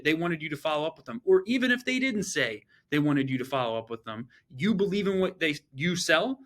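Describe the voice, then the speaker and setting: A man's voice: on the high side, pushed and bright. A man giving a sales training talk as a coach, emphatic and punchy, often checking in with "right?" and "okay?". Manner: acts out short sales lines while teaching.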